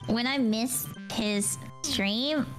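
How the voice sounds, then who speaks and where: A woman chatting casually as a guest on a game stream, unhurried and hesitant. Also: on the high side, faint music behind. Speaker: collab guest.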